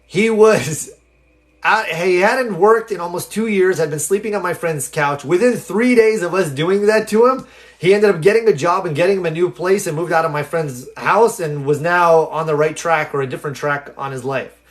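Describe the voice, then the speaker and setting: A lively live stream host answers viewer questions by telling a story, acting out the people he quotes. He's loose and chatty, using fillers and restarts, and speaks at normal speed with a high voice.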